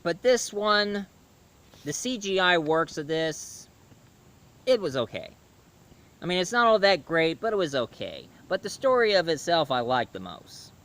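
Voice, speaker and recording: A man giving a casual video review, talking haltingly with frequent restarts and self-corrections. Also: a little high, sing-song, fairly bright tone.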